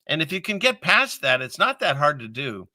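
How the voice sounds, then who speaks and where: Middle-aged male host, rambling, laughs a lot, very bright voice, dry close mic. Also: on the high side, sing-song, normal speed, dry recording. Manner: rambling, laughs often, chatty. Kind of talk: casual talk show chat.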